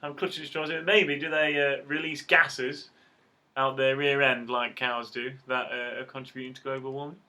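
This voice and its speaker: A man co-hosting a casual podcast, bantering and cracking quick jokes while he learns. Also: mid-range voice, flat delivery, sharp tone.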